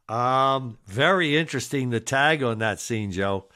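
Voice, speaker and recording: Jovial, unhurried man with a bright voice. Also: medium pitch, animated. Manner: jovial, laughs often, leads the segments. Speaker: podcast co-host. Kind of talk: casual chat.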